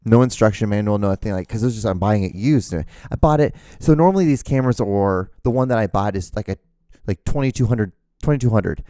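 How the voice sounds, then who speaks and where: A man hosting his own podcast, rambling excitedly about gear with lots of fillers and restarts, out of breath. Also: on the low side, fairly quick, no echo, clean studio sound. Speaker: host. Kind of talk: casual solo podcast rambling. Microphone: camera mic, speaking to camera.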